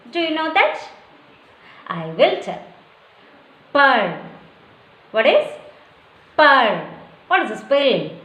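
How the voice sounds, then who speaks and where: A woman teaching a young children's class, slowly calling out questions and spelling words letter by letter for the class to repeat. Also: fairly high pitch, a bit bright, echoey room. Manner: slow call-and-response, spells words letter by letter. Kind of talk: children's lesson.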